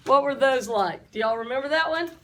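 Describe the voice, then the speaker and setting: High-voiced chatty woman teacher. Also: lively intonation, brisk, fairly bright tone, slight background noise. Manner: chatty, storytelling, asks the class questions. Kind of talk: classroom lecture with stories.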